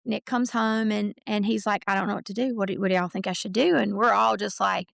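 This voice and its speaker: Woman, middle-aged, podcast guest, casual storytelling, strong vocal fry, dry close recording. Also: mid-range voice, steady tone, a little fast, no echo. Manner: chatty, retells conversations in quoted voices, many fillers. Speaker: podcast guest, mother of a college football recruit.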